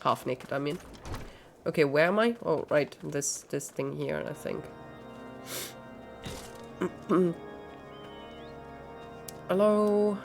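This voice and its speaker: Playful, slow-talking woman streamer. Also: deep voice, lively intonation, vocal fry, faint music behind. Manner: playful, giggly, baby talk to her dog. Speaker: game streamer. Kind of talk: casual live-stream chat.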